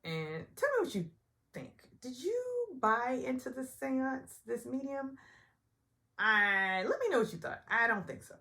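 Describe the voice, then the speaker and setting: A woman casually recapping a reality show, chatty and opinionated, often mimicking people in higher voices. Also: sing-song, unhurried, sharp tone. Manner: chatty and opinionated, acts out quotes in high voices. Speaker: recap vlogger.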